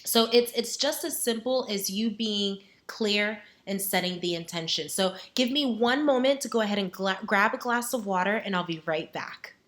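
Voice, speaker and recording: A woman's voice: mid-range voice, moderate pace, few pauses, fairly bright tone. A woman hosting a web talk show, chatting to camera in an upbeat, encouraging way with casual asides. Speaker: host.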